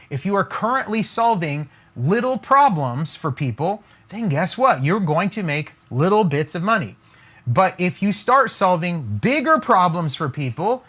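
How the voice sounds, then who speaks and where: Animated high-voiced man coaching on business. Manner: emphatic, repeats and rephrases key points. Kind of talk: motivational talk to camera.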